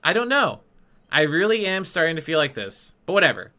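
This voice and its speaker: A man streaming a life-sim game, chatting casually and bursting into mock-outraged shouting. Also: on the high side, very animated, fairly quick. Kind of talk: let's play commentary.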